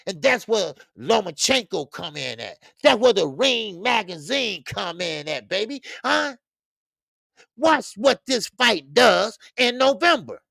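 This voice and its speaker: A man hosting a boxing talk stream, speaking casually and loudly, cursing freely, repeating himself and reading viewer comments aloud. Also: high-pitched, slow pace, vocal fry, dry recording, studio quality. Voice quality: loud, animated, profane, repeats himself. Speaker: boxing show host.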